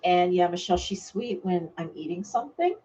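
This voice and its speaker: A woman's voice: lowish voice, lively intonation, brisk, warm tone, muffled recording. A woman hosting a casual live vlog, chatting with viewers by name and laughing often. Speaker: vlog host. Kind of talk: casual live-stream chat. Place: home.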